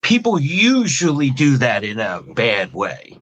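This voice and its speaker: A man's voice: mid-range voice, wildly swooping pitch, unhurried, a bit bright, dull audio. Man explaining a communication model. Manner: methodical, lays out points as questions and lists. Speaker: communication trainer guest. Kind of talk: explanatory podcast conversation.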